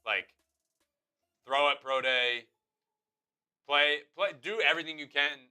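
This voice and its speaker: A man's voice: fairly high pitch, unhurried, pushed and bright, clear, resonant tone, faint music behind. A man co-hosting a sports chat, talking loosely with lots of fillers. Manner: loose, filler-heavy, says like a lot. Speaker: co-host.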